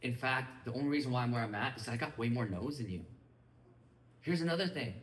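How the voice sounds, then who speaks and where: A man giving an energetic motivational training talk to a live group, often checking that his listeners follow him. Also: mid-range voice, brisk. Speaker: business mindset trainer. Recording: echoey room, mic at a distance.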